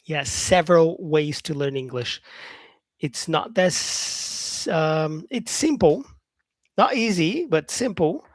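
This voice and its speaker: A man's voice: a little high, lively intonation, takes it slowly, no echo. Upbeat man. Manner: upbeat and encouraging, repeats phrases, reads out viewer comments. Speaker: English teacher, live stream host. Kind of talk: casual live-stream chat answering comments.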